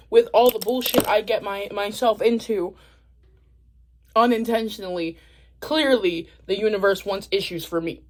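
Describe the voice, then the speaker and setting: A young woman telling a story to camera in a casual, profane, laughing way. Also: a little high. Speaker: vlogger.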